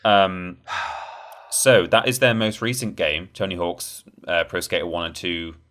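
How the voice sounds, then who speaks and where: A Yorkshire-accented man co-hosting a casual gaming podcast. His voice is low yet bright and forceful, and his humour stays dry and deadpan, heavy with sarcasm. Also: unhurried. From Yorkshire, England. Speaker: podcast co-host. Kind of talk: casual chat.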